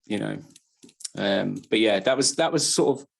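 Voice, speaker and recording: A man's voice: fairly low pitch, animated, normal speed, creaky. A man on a casual football podcast, telling a rambling anecdote and correcting himself as he goes. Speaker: podcast co-host.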